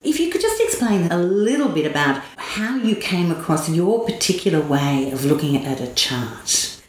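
A woman hosting an interview, asking measured, admiring questions. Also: fairly low pitch, sing-song. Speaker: interviewer host. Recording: roomy echo.

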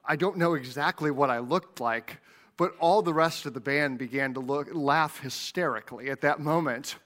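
A man's voice: on the high side, normal speed, a bit bright. Pastor guy preaching, earnest, keeps repeating words. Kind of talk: sermon.

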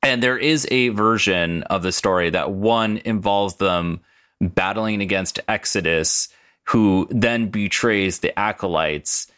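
A man's voice: fairly low pitch, slow pace, fairly bright tone, smooth. Rambling man recapping a game tape. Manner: rambling, swears, laughs at the story. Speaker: podcast co-host. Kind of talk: casual solo recap.

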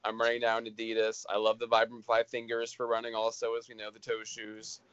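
A man hosting a casual chat among old friends, teasing and quick with banter. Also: lowish voice, completely flat delivery, fairly bright tone, smooth, no echo. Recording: dull lo-fi sound.

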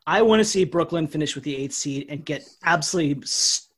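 Husky-voiced man ranting about sports. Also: fairly high pitch, fairly quick. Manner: rambling, opinionated, trails off quieter. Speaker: podcast co-host. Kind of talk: casual sports chat.

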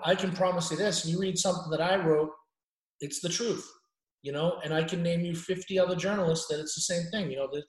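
A middle-aged man talks bluntly and at length as a podcast guest, restarting his sentences as he goes. His voice sits a little high for a man. The room around him sounds echoey. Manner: blunt, rambling, restarts often. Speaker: journalist guest. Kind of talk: casual podcast interview.

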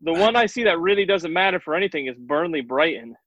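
A man with a fairly high voice chats about football on a dull, lo-fi recording with no room sound at all. He argues his picks insistently and explains them in detail. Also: animated, fast talker, a bit bright, no echo. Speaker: podcast co-host. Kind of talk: casual sports chat. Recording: dry, muffled lo-fi sound.

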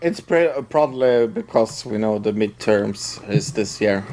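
A woman's voice: extremely low pitch, animated, mellow. A woman from Norway, a podcast co-host, chatting casually in English as a second language. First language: Norwegian. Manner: slow, unhurried talk with frequent laughs. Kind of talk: casual chat.

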